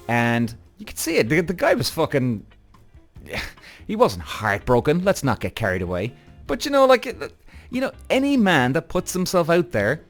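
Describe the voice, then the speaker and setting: A man hosting a podcast, telling a story in an animated, swearing rant aimed straight at his listeners. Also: on the high side. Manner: animated, addresses audience directly, frequent swearing and acted-out quotes. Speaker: podcast host.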